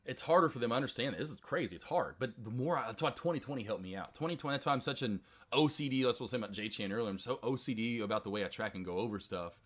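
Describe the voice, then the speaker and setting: A young man runs a live stock trading stream and talks casually to his viewers. His voice is bright and punchy, and his rambling chatter keeps breaking into excited, loud outbursts. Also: mid-range voice, racing, few pauses. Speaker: stock trading livestream host.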